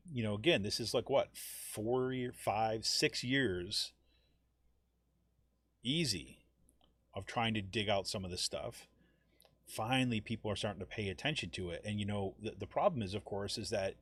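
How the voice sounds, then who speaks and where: A man with a lowish voice hosts a live political podcast, talking off the cuff. He rambles and loops back on himself, peppering every thought with "right?" The sound is dry and close, with no room around it. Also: measured pace, long pauses, a bit bright, husky, no echo. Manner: rambling, frequent "you know" and "right?". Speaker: podcast host. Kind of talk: casual political talk.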